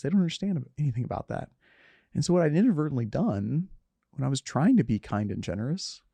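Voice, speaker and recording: A middle-aged man, a podcast guest, telling a personal story in an earnest, candid way, often halting and restarting. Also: mid-range voice, creaky, dark tone, no room sound. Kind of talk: reflective conversational storytelling.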